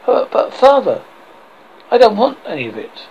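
A man's voice: sits high, huge pitch swings, normal speed, gravelly, darkish tone, breathy edge, heavily acted. Man doing a whiny meek young prince. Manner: pleading, petulant. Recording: dull lo-fi with faint hiss.

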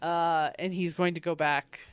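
A woman co-hosting a casual chat, recapping a comic book and acting out the characters in quick put-on voices, with frequent swearing. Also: on the low side, level tone, clean tone, no room sound. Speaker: podcast co-host.

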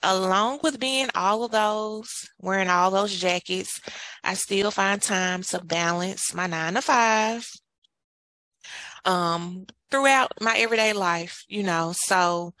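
Slow-talking Southern woman, bright voice. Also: medium pitch, no echo, poor audio. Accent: Memphis Southern. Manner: slow, easygoing, reflective. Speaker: podcast co-host, entrepreneur. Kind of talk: casual podcast chat.

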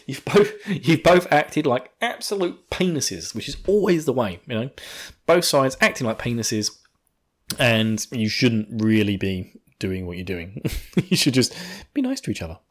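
A man's voice: mid-range voice, expressive, a little slow. A man chatting casually as a podcast host, joking and laughing often, recorded too close to his mic. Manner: jokey, laughs often, puts on silly voices. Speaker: podcast host recapping an anime episode. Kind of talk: casual chat.

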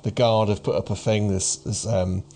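A man's voice: fairly low pitch, little pitch movement, normal speed, warm tone. A man in his thirties narrating as game master for a tabletop game, rambling with many restarts. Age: 30s.

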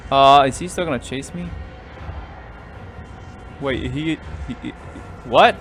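A man commentating a horror game let's play, jumpy and easily startled, swinging between loud yelps and quiet muttering. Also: medium pitch, slow, soft background music. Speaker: gaming YouTuber.

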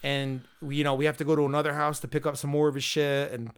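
Speaking quickly in a smooth, higher voice with a level tone, a podcast host casually tells a long anecdote. It's crude and meandering, with plenty of quoted dialogue.

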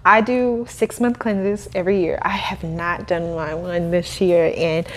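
A young adult woman, a podcast guest who runs a cleaning business, telling her story in a casual, animated way with frequent laughter. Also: fairly low pitch, a little slow. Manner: animated, laughing, acts out quoted voices.

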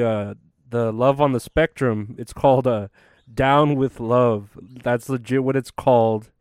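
A man's voice: medium pitch, a little mellow, clean tone, no room sound. Sleepy, rambling man in a dry room. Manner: tired, rambling, many fillers and restarts. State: sleepy, yawning. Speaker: vlogger. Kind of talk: casual rambling monologue.

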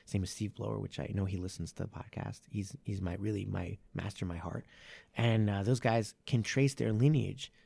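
Gravelly-voiced man talking martial arts. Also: fairly low pitch, moderate pace, no echo. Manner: rambling, self-correcting, animated when making a point. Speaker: martial arts academy owner and podcast host. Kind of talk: casual podcast chat.

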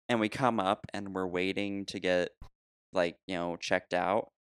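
A man telling a long story in casual chat, animated, laughing often and restarting sentences. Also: sits low, measured pace, smooth, dry recording, studio quality. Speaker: podcast co-host telling a story.

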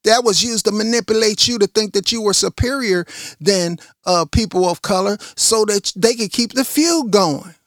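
A man's voice: high-pitched, normal speed, dry recording, clean studio sound. A middle-aged man, preaching a confrontational, repetitive monologue as a religious podcast host.

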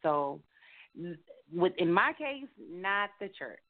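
A woman's voice: lowish voice, big pitch swings, slow pace. A woman rapper and singer, answering interview questions casually with many fillers. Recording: tinny phone line.

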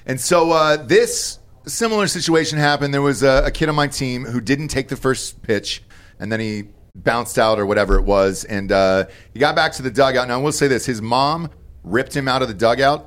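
A man's voice: mid-range voice, a little fast. A man co-hosting a podcast who chats casually, agrees a lot, and tells a coaching story. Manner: agreeable, many short yeahs, relaxed storyteller. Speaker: podcast co-host. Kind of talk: casual banter.

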